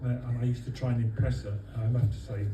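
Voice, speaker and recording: A man from London giving a humorous birthday speech for his wife to friends at a restaurant, with dry comic timing and many pauses. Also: medium pitch, background noise. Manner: deadpan comic timing, halting with fillers. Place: restaurant dining room with guests. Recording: echoey room, voice from far off. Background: guests laughing.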